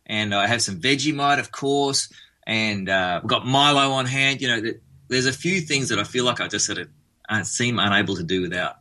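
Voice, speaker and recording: Bright-toned Australian man chatting. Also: mid-range voice, normal speed. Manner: chatty and rambling, with frequent restarts. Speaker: musician guest. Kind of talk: casual radio interview chat.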